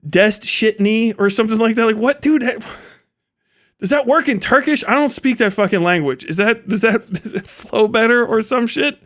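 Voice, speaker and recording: A man's voice: high voice, normal speed, a bit bright. A young man from Ohio ranting on a livestream, swearing constantly and laughing at his own jokes. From Ohio, USA. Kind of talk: profane live-stream rant.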